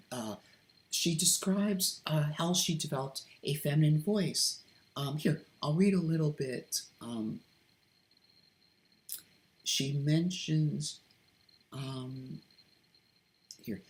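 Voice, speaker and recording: A woman hosting a casual vlog, talking hesitantly with many ums and restarts, carefully keeping her voice soft and deliberate. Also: low voice. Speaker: video host. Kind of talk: unscripted vlog commentary with read-aloud quotes.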